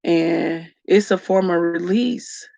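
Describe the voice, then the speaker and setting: Slow gravelly woman, tearful. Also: lowish voice, mellow, dry recording. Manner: slow, reflective, addresses viewers as y'all. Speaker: vlogger. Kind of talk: emotional personal talk to viewers.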